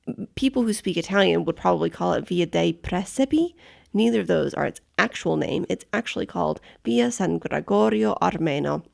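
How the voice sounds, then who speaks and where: An American woman co-hosting a casual travel podcast, chatty and quick to laugh. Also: on the low side, expressive, vocal fry. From United States. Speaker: podcast co-host.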